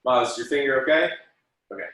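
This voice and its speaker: A man's voice: mid-range voice, fast talker, a bit bright, recorded from a distance. A man teaching a taekwondo class over a video call, counting out moves and correcting students by name in an encouraging way. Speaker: taekwondo instructor. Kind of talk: online martial arts class instruction. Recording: very echoey room, voice from off the mic.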